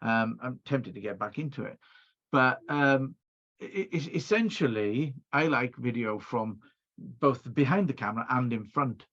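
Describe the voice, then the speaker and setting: A man's voice: mid-range voice, expressive, a little slow, fairly bright tone. Welsh man, middle-aged, talkative storyteller, video call, muffled lo-fi sound. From Wales. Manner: chatty storyteller with many restarts. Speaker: video producer guest. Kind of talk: casual interview chat.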